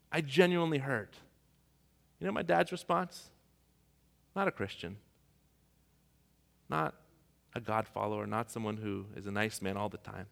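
A man from Iran, a pastor, preaching a sermon and telling personal stories, his voice dropping to a hush and rising to near shouts. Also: on the high side, very animated, moderate pace, creaky, pauses often. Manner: storytelling, swings from hushed to shouting. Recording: long hall reverb.

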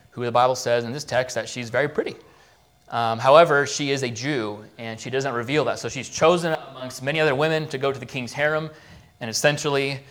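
A man's voice: mid-range voice, a bit bright. A man preaching in a church, retelling a Bible story casually and acting out the quoted lines. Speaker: pastor. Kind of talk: sermon recap of a Bible story.

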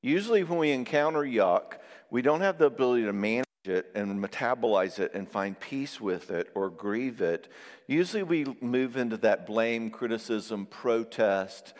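A man preaching a sermon on marriage, lively and conversational, acting out quoted voices now and then. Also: mid-range voice, normal speed. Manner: animated, acts out quoted voices. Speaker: pastor and therapist. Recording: long reverb of a hall.

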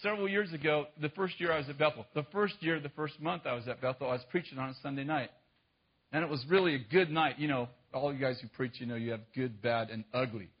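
A man's voice: mid-range voice, fast talker, dull audio. A man preaching, telling a personal story with self-mocking humor and frequent laughs. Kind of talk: storytelling sermon.

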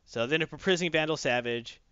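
Male podcast host, high lively voice, dry dull lo-fi sound. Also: fast talker, smooth, no room sound. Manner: animated, acts out characters in silly voices. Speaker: podcast host recapping a comic. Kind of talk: casual chat.

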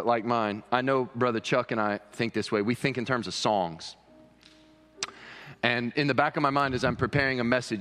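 A man preaching a sermon as pastor, impassioned, often rising high for emphasis. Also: fairly bright tone. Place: church sanctuary. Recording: long reverb of a church hall.

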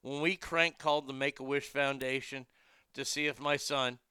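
A man in his fifties hosting a show, chatting casually and bluntly, telling animated stories and acting out callers' voices. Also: mid-range voice, normal speed, clean tone, dry recording, studio quality. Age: 50s. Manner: blunt and profane. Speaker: show host. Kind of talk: casual chat reading viewer comments.

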